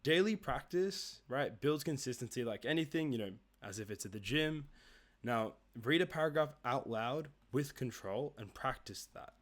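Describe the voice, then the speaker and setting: A man's voice: medium pitch, expressive, moderate pace. A man, giving a conversational coaching lesson on sales calls and often checking in with "right?" and "okay?". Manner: explains casually, often tags "right?" and "okay?".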